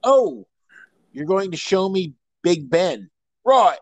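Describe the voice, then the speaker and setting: A man putting on a loud, crude Cockney character with a blustering manner. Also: sits high, big pitch swings, takes it slowly, no echo, heavily acted. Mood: chirpy. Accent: Cockney, put on.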